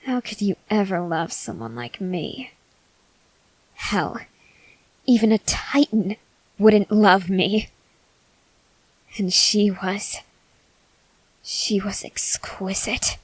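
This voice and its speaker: A woman's voice: medium pitch, expressive, slightly rough, no echo, poor audio. Woman voicing Armin, an unhinged young cult leader, whispered role-play. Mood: bitter. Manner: slow, intense, swings from whispers to sharp outbursts. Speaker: ASMR voice actor.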